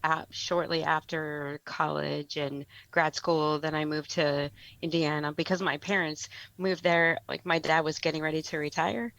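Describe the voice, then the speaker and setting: A woman's voice: deep voice, steady tone, measured pace, creaky, few pauses, a bit bright, rough recording. A woman in her forties with a Boston accent, a podcast guest chatting casually with wry, self-deprecating humor. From Boston, USA. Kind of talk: casual chat.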